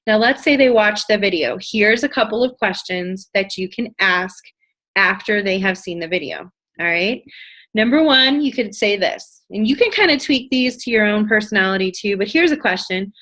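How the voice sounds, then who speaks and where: A woman's voice: medium pitch, expressive, moderate pace, fairly bright tone. A young woman giving a motivational sales training talk, bubbly and enthusiastic, often acting out both sides of a conversation. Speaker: network marketing trainer.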